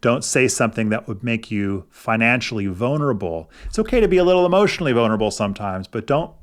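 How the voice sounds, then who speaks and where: A middle-aged man talks to the camera about money in a relaxed, unhurried way. His voice sits at an ordinary pitch. He coaches gently and often pauses and restarts his sentences as he thinks. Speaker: personal finance video host. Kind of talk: casual explanatory talk to camera.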